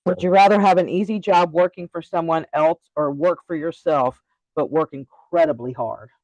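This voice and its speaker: A woman's voice: sits low, fairly even intonation, normal speed, a little mellow, no room sound, dull audio. A woman co-hosting a live stream, chatting casually with a playful, teasing manner. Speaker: co-host.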